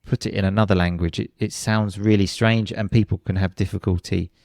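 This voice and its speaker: A man's voice: on the low side, steady tone, fairly quick, darkish tone, no echo, studio quality. A man, an English pronunciation teacher, explaining his course in an interview and demonstrating word stress by repeating words, with frequent restarts.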